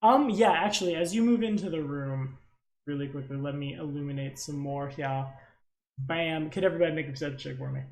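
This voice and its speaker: A man's voice: a little high, fairly quick, vocal fry, roomy sound. A man running a tabletop game as game master, narrating in a casual, rambling way and teasing the players.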